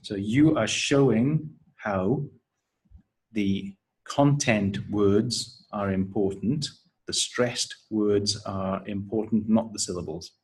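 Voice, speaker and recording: A man giving a pronunciation lesson for teachers, modelling intonation patterns and counting syllables out slowly and deliberately. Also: fairly low pitch, a little mellow, breathy edge, poor audio. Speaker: teacher trainer.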